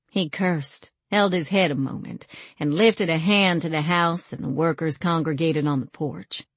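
A woman narrating a first-person novel in a wry, measured way, recorded on a close studio mic. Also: sits low, dry recording. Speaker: audiobook narrator.

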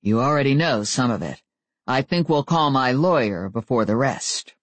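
An audiobook reader voicing a calm, protective werewolf husband who speaks low and gently. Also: male voice, normal speed, no room sound, close to an everyday voice.

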